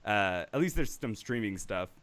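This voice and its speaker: A man hosts a casual live-stream movie talk show. His pitch swings in a lively way, and he rambles with restarts and bursts of laughter. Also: normal speed.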